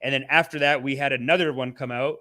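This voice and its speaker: A man hosting a casual live stream, rambling and swearing excitably, often laughing mid-sentence. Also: medium pitch, fast talker. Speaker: host.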